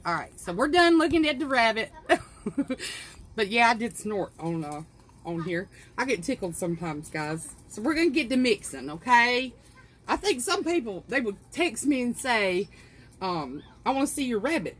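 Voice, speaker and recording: A woman's voice: fairly high pitch, big pitch swings, unhurried, breathy edge. A middle-aged woman from South Carolina with a Southern accent, hosting a casual craft livestream in her home kitchen, folksy and chatty. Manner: chatty, folksy, greets viewers by name, laughs at herself.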